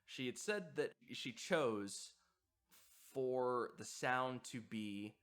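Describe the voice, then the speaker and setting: This male video essay host has a mid-range, clear and resonant voice, a little bright, with lively intonation and a very slow delivery. His reflections on horror sound design come out hesitantly, full of fillers and false starts.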